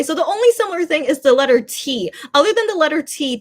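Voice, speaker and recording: A woman chatting casually as a fan vlogger, rambling with many restarts and breaking into loud bursts of laughter. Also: high-pitched, animated, a little fast. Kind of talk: casual reaction commentary.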